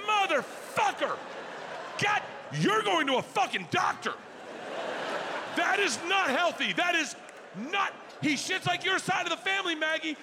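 Brief: a man impersonating an old dad bellowing curses, shrill and gravelly, live echoey hall. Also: heavily acted. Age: older. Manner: bellowing, cursing in bursts. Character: foul-mouthed furious 75-year-old father. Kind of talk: stand-up impression. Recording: reverberant live theater, audience noise.

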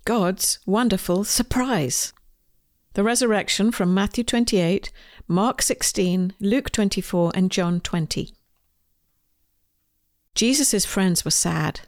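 A woman, the author, reading her children's storybook aloud in a gentle, expressive way, with faint music behind. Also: medium pitch, slow pace, dry recording, studio quality.

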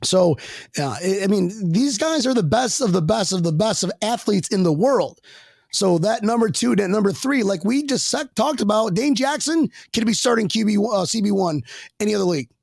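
A man hosting a casual sports chat, excitable and rambling, laughing often and restarting his sentences. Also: high-pitched, normal speed, gravelly, husky, no echo, studio quality. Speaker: podcast host.

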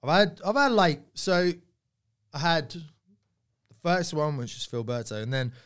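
A man from Surrey, a comedian guest on a podcast, telling stories in an animated way and swearing freely. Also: a little high, measured pace, smooth. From Surrey, England. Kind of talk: casual podcast chat.

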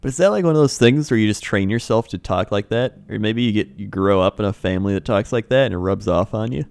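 A man co-hosting a casual podcast, easygoing and quick to laugh as he tells stories. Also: fairly low pitch, creaky, darkish tone, no echo. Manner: laid-back storyteller, laughs easily. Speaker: podcast co-host. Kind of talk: casual chat.

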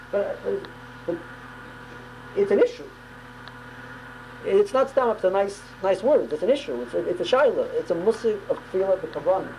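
A woman's voice: lowish voice, mellow, slight background noise, low-quality recording. A woman teaching a religious class on prayer, talking emphatically and often repeating words and restarting phrases. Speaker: Torah teacher.

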